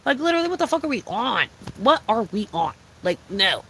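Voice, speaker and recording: A woman's voice: on the high side, sing-song, fairly quick, pushed and bright, a little hiss or hum. A young woman streamer in casual chat, rambling and swearing with many fillers.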